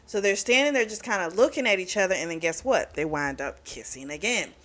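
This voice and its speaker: A woman talks through a novel's plot in a loose, chatty recap. She laughs often, leans on "you know" and "like", and drops into quick voiced lines for the characters. Her pitch sits in the middle of the usual range. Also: lively intonation, fairly bright tone. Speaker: book reviewer.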